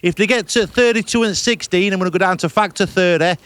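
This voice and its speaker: A man's voice: high-pitched, fast, fairly bright tone, clean tone, no room sound. A man, telling comic travel stories in a broad, blunt, boastful way with swearing. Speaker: podcast host reporting from abroad. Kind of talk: comic character monologue. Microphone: remote call.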